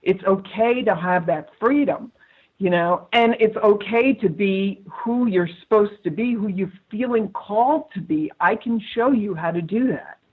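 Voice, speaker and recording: A woman's voice: mid-range voice, unhurried, breathy edge. Earnest woman on a tinny phone line. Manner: earnest, affirming, repeats herself. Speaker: guest, psychic medium and coach. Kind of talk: enthusiastic interview talk.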